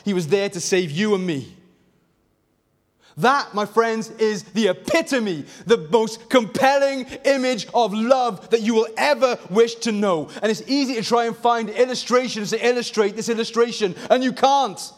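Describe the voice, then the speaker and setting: A male preacher with a high voice delivers a fervent sermon in a church hall. He surges to near-shouted emphasis, then drops to hushed intensity, and the long reverb of a large room trails after every phrase. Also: moderate pace. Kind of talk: passionate sermon.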